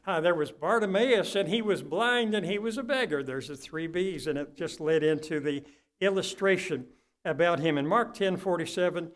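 An older man preaching a sermon, telling folksy stories and swinging from quiet asides to loud, impassioned peaks. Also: high-pitched, moderate pace.

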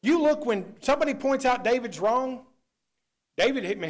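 A man preaching a sermon, swinging between loud declarations and low, quiet asides. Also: lively intonation, moderate pace.

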